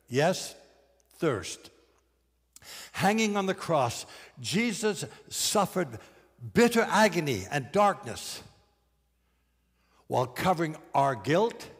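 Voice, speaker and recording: A male pastor delivering a sermon in a high, animated voice that swings widely in pitch. He slows down and presses on the key phrases with emphatic, deliberate preaching. His voice trails off into a long reverb. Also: slightly rough.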